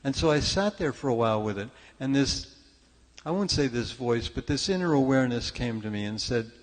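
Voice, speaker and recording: An older man speaks at a church service in the chatty, storytelling style of a conversational sermon. He pokes fun at himself and often stops to restart a sentence. His voice sits at an ordinary pitch and carries the long reverb of a large hall. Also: lively intonation, fairly quick. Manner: chatty, self-deprecating, frequent restarts. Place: church sanctuary.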